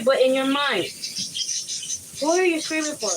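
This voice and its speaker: A woman's voice: high-pitched, brisk, pauses often, over a noisy crowd. A woman in an intense, rambling vlog monologue, repeating herself over and over. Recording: noisy background with birds.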